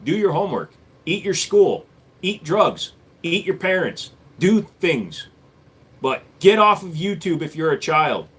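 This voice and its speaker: On a laid-back live stream, a man in his forties who was born in Korea handles chat questions with blunt sarcasm. His voice is a little high, a bit bright and husky, very animated yet a little slow.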